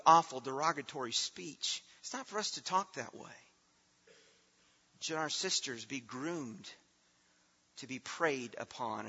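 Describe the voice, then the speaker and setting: Bright-voiced preacher in a reverberant hall. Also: male voice, a little high, breathy edge. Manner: earnest preaching, swells loud then drops soft. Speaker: pastor. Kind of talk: sermon. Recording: dull lo-fi sound in a reverberant hall.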